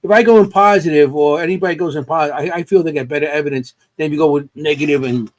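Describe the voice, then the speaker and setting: Male podcast guest, fairly high voice, halting delivery with repeats. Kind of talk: casual podcast chat.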